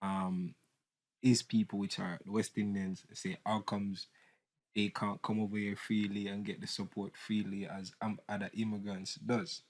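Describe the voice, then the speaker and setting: A man, hosting a casual discussion and explaining at a measured pace. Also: on the low side, little pitch movement.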